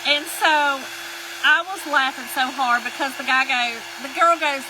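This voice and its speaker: With a high-pitched voice and an unhurried manner, a woman tells a folksy tale in a chatty style. She's crafting and welcoming viewers on a live stream while a hair dryer hums behind her.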